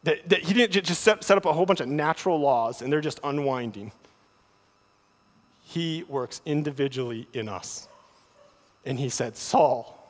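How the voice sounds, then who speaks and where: A man preaching a sermon, often repeating words as he starts a thought, with animated delivery. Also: on the high side, normal speed, long pauses. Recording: long hall reverb.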